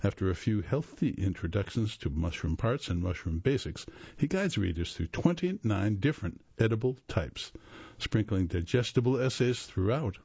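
A man with a low, slightly husky voice reads a magazine article aloud for a radio reading service. He keeps a steady, measured delivery and now and then stumbles and corrects himself. The recording is dry and close, with a dull lo-fi tone. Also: dry recording.

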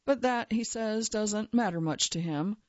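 A woman's voice: medium pitch, unhurried, dry recording, muffled recording. A woman journalist telling a first-person feature story in a wry, dry way. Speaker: journalist narrator.

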